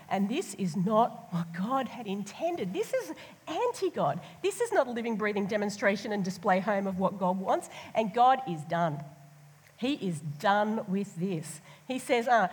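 A woman preaching a sermon, lively and colloquial, sometimes acting out the voices of the people she talks about. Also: fairly high pitch, normal speed, husky. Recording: long hall reverb.

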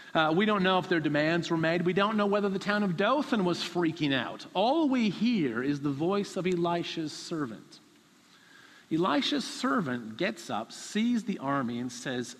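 A man's voice: on the high side, big pitch swings, normal speed, fairly bright tone, long reverb tail. A man preaching a sermon, telling a story animatedly and acting out the characters.

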